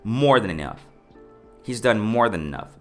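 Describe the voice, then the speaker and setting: A man giving opinionated, casual boxing commentary to his viewers, emphatic and repetitive, often calling them ladies and gentlemen. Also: normal speed, soft background music. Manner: lively pitch swings, mimics others in raised voice.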